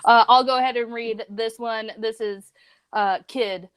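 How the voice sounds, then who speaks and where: A woman's voice: fairly high pitch, fairly even intonation, a little slow, smooth. A young woman co-hosting a youth group livestream, chatting casually and reading memes aloud with lots of "like" and "dude". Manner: laid-back, lots of "like", "man" and "dude".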